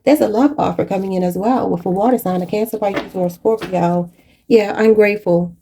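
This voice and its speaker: A woman's voice: mid-range voice, a little fast, mellow, slight background noise. A woman giving a channeled tarot reading in a preachy, spiritual way, often calling her viewers "y'all". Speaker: tarot reader.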